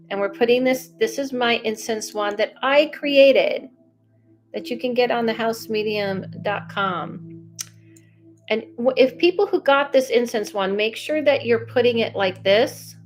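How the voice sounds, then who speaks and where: Chatty woman medium, faint music behind. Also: fairly high pitch. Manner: chatty and animated, self-interrupting. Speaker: psychic medium doing live readings. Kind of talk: casual livestream chat.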